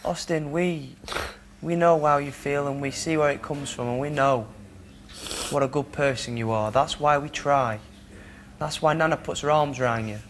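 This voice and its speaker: A man with a gravelly, slightly raised voice, faint room hum behind him. He speaks gently and reassuringly, rambling as he talks someone round. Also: on the high side, moderate pace. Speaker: fellow housemate. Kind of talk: reassuring casual talk.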